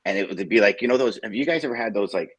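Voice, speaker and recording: A man co-hosting a casual morning show over a video call, animated and laughing as he rambles through stories. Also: on the low side, racing, husky, no room sound. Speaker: co-host.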